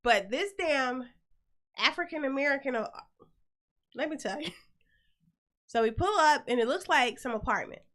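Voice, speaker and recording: A middle-aged woman with a high, bright voice tells a story to her listeners. She talks bluntly and swears freely, and she keeps the telling animated. The setting is a casual hosted chat. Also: moderate pace, pauses often. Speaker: host.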